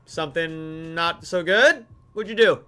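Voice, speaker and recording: A man's voice: on the high side, measured pace, pushed and bright, clear, resonant tone, faint music behind. A man hosting a live gaming stream, ranting animatedly and with mock outrage, chatting to viewers. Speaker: streamer host.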